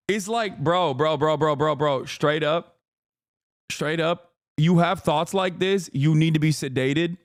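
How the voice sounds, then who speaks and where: A man's voice: a little high, slow, long pauses, dry recording, studio quality. A man streaming, ranting casually and profanely, breaking into mocking put-on voices. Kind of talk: casual livestream commentary.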